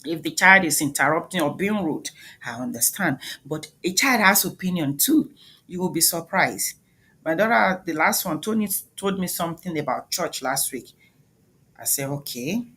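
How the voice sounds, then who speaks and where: A woman's voice: fairly low pitch, animated, normal speed, a bit bright, slightly rough. A woman with a Nigerian accent giving an emphatic motivational talk, questioning the audience directly. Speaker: speaker, doctor.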